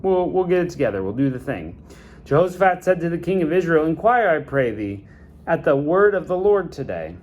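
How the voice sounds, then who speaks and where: A man reading scripture aloud and adding relaxed, chatty comments of his own. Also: a little high, muffled recording, slight background noise. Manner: reads scripture slowly, then adds chatty asides. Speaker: Bible reader and commentator. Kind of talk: Bible reading with casual commentary.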